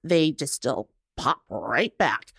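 A woman being interviewed, telling her story in an animated, laughing way and acting out what people said to her. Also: a bass voice, slow, gravelly, breathy edge, no echo, studio quality. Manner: animated, laughs often, acts out quotes. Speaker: guest. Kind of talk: casual interview chat.

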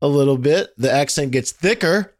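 A man hosting a podcast interview, energetic and enthusiastic, peppering his talk with "like". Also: fairly high pitch, normal speed. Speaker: podcast host.

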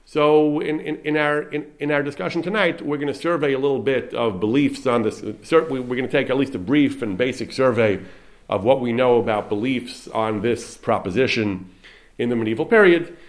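A man's voice: mid-range voice, moderate pace. A man giving a lecture on Jewish theology, thoughtful and quoting Hebrew, often restarting his sentences. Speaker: Torah teacher.

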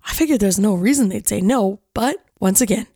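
A woman in her forties, a podcast host, telling a personal story in a playful, animated scripted narration. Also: medium pitch, a little fast, breathy edge, dry recording, studio quality. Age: 40s.

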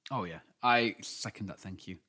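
A man's voice: fairly low pitch, moderate pace, bright, forceful tone, slightly rough. Campy guy cohosting a podcast, dramatic, swears a lot. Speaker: podcast co-host. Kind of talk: casual podcast chat.

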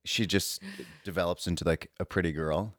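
A man's voice: sits low, fairly even intonation, normal speed, fairly bright tone, no room sound, clean studio sound. A man co-hosting a comedy show, rambling through crude riffs and stories. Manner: rambling, riffing storyteller. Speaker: podcast co-host. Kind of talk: casual comedic banter.

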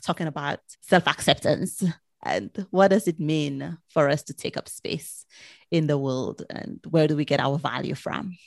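A woman hosting a podcast, asking thoughtful, measured interview questions. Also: low-pitched, vocal fry, dry recording, clean studio sound. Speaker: podcast host.

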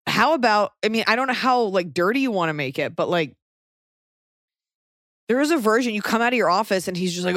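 A woman's voice: medium pitch, lively intonation, fairly quick, dry recording, studio quality. A young woman co-hosting a podcast, giving blunt, sarcastic advice and swearing freely. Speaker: podcast co-host. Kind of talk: casual chat, advice.

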